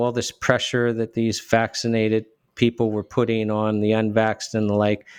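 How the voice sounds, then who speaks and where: A man, a lawyer, speaking earnestly as a guest in an interview, often pausing and restarting as he gets emotional. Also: medium pitch, smooth, no room sound, clean studio sound. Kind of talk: casual interview talk.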